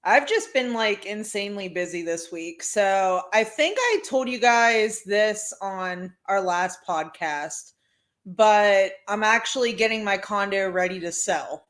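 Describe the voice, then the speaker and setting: A young woman co-hosting a podcast in a casual, rambling way. Her voice sits at an ordinary middle pitch, and she strings her thoughts together with plenty of fillers. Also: unhurried, fairly bright tone. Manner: chatty, rambling with many "like" fillers. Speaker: podcast co-host. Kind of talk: casual chat.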